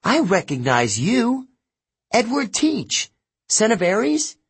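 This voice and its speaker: A man doing a fierce, sharp young heroine. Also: sits high, wildly swooping pitch, takes it slowly, husky, voice pushed up, exaggerated voice. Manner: sharp, commanding. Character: fierce clever teenage girl warrior.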